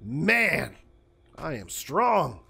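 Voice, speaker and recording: A man's voice: fairly high pitch, very slow, creaky, breathy edge. A man commentating his own survival game run, joking and talking to the enemies as he plays. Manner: jokey, talks to enemies, animated outbursts. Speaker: gaming video host. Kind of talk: let's play commentary.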